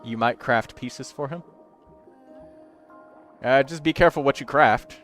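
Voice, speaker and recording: A man's voice: medium pitch, measured pace, a bit bright, soft background music. A man hosting a game livestream, reviewing viewers' characters in casual, chatty commentary and thinking aloud as he counts numbers.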